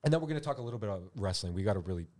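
A man's voice: fairly low pitch, expressive, very fast, a little mellow. A man hosting a comedic podcast, talking in a jokey, rambling way and slipping into squealing voices for quotes. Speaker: podcast host. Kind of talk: comedic casual chat.

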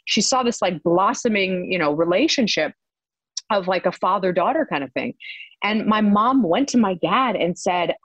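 A woman telling stories as an interview guest, animated and laughing often, with many fillers. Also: mid-range voice, normal speed, no room sound, poor audio. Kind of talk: casual storytelling interview.

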